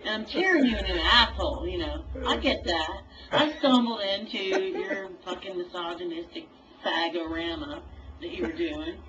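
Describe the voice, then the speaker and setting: A woman's voice: fairly low pitch, moderate pace, a crowd in the background. A woman in an online voice chat, delivering a heated, profane, lecturing rant. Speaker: voice chat participant. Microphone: computer mic in voice chat. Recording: distant, dull lo-fi voice chat audio with faint hiss.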